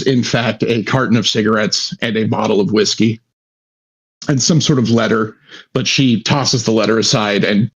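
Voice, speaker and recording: A man's voice: mid-range voice, breathy edge, highs cut off. A man running a tabletop game as game master, narrating with many halts and restarts.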